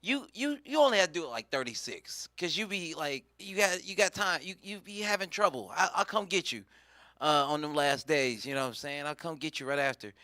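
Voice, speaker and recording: A man's voice: fairly high pitch, animated, brisk, pushed and bright, no room sound, studio quality. A man playing a laid-back husband sweet-talking his wife, in a stand-up bit. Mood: coaxing. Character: smooth-talking coaxing husband.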